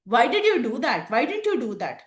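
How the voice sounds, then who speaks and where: A woman's voice: fairly high pitch, expressive, unhurried. A woman voicing an indignant young queen who boldly questions her husband. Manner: bold questioning. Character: proud indignant young queen defending herself. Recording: roomy echo.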